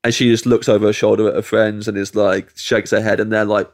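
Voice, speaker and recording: An English comedian telling a long anecdote as a podcast guest, acting out the people in it and laughing mid-sentence. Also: male voice, on the low side, fairly quick, hardly any pauses. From England. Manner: animated, acts out quoted voices, laughs mid-sentence. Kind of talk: storytelling anecdote.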